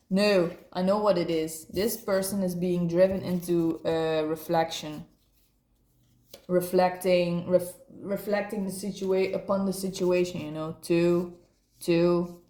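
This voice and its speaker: A woman's voice: lowish voice, dark tone, echoey room. A woman doing a casual, playful tarot card reading, rambling and laughing often.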